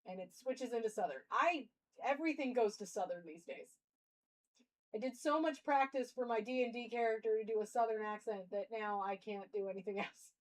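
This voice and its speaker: Young woman, live-stream chat, rambling and musing, a bit high-pitched. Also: a little fast, rough recording.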